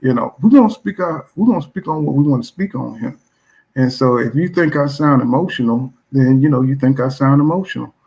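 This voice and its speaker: A man's voice: medium pitch, animated, brisk, darkish tone. A man hosting his own boxing channel, chatting casually and bluntly as he reacts to viewer comments, repeating fillers like "you know what I'm saying". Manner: blunt and profane.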